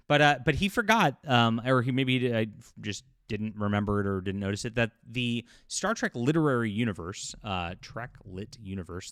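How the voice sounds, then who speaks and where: A man's voice: fairly low pitch, fairly bright tone, clean tone, no echo, clean studio sound. A man hosting a casual commentary channel, rambling with lots of fillers and restarts. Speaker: YouTube host and sci-fi writer.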